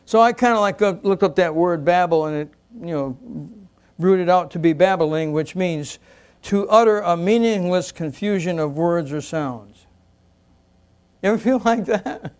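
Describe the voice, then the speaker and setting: A man preaching a sermon, asking the congregation questions and moving between loud exclamations and quiet asides. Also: high-pitched, unhurried, clear, resonant tone. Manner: asks the congregation rhetorical questions.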